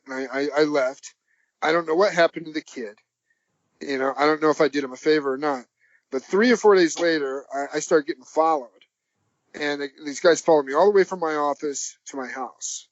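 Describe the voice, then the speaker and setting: A man on a podcast as the guest, telling a long anecdote in a rambling, halting way, chuckling as he goes. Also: on the high side, no echo. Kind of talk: anecdotal storytelling. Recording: dull, dry lo-fi audio.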